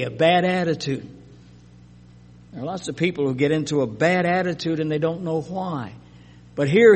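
Male preacher, emphatic conversational delivery, somewhat high voice, long reverb of a large hall. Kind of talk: sermon with scripture reading.

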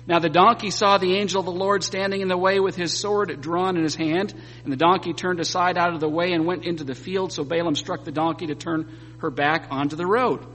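Animated preacher man in a reverberant hall. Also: sits high, fairly quick. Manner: animated storytelling with joking asides. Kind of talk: sermon with scripture reading. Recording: long hall reverb, faint hum.

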